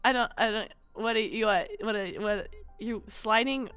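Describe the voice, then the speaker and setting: A woman streaming a game, chatting casually with viewers, giggling often and breaking into loud, excited outbursts. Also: on the high side, normal speed, clean tone, dry recording, clean studio sound, soft background music. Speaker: VTuber streamer. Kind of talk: casual chat while gaming.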